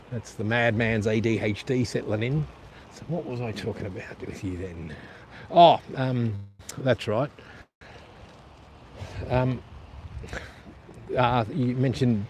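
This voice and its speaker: A man's voice: mid-range voice, darkish tone. A man with an Australian accent from the east of the country, chatting casually on a live stream while riding a coastal path, rambling and blunt with casual swearing. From eastern Australia. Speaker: vlogger. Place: outdoors on a coastal bike path. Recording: outdoor wind and traffic noise.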